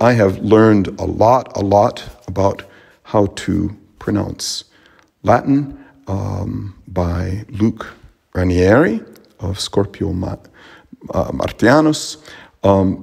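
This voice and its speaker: Male teacher, low husky gravelly voice, slow thoughtful lesson delivery. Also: darkish tone. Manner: unhurried, thoughtful, many fillers and restarts. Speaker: Latin teacher. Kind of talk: spoken lesson on pronunciation and meter.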